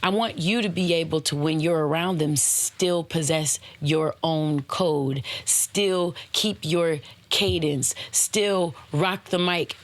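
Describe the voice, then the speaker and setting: A woman's voice: low voice, takes it slowly, hardly any pauses. A woman hosting a podcast, giving casual motivational talk and slipping into playful voices for examples. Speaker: podcast host.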